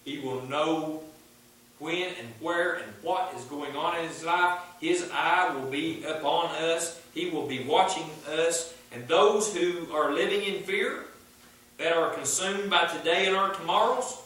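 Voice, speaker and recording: A man's voice: on the high side, a little slow, fairly bright tone. A man preaching a fervent sermon in a church, emphatic and repeating his refrains. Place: church sanctuary. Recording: echoey church from far off.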